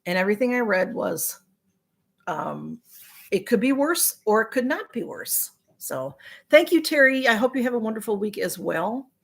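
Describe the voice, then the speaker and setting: Hosting a casual live stream, a woman with a fairly high, sing-song voice and vocal fry chats at a moderate pace. She reads viewer comments and answers them sympathetically, with frequent ums and restarts.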